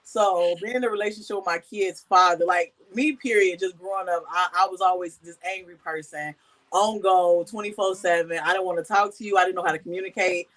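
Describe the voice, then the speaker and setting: A woman sharing a personal story in casual talk, animated and acting out the voices she quotes. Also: on the low side, fairly quick, poor audio. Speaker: guest.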